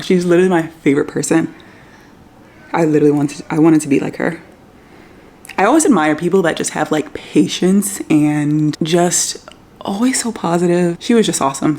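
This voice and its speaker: Low-voiced woman chatting to camera. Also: a little mellow. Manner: chatty, rambling, many fillers. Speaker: travel vlogger. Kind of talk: casual vlog talk to camera. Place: hotel room.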